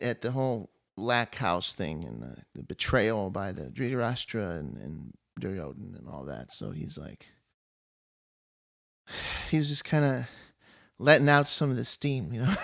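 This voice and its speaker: A man casually retelling a story from an old epic, with a relaxed, chuckling manner and many fillers. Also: medium pitch, gravelly.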